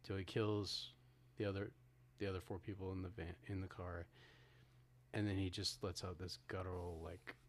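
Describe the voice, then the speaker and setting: A man's voice: deep voice, little pitch movement, normal speed, a little hiss or hum. A man co-hosting a podcast, retelling a movie's ending in casual talk with many restarts and acted-out quotes. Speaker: podcast co-host. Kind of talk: casual film discussion.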